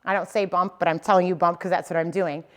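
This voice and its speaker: A woman's voice: fairly low pitch, steady tone, quick pace. A young adult woman teaching dog owners in an easygoing, conversational way. She explains each step plainly and keeps checking that her listeners follow. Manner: casual and explanatory, often checking in with "okay?" and "right?". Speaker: dog trainer. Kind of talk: instructional talk to dog owners.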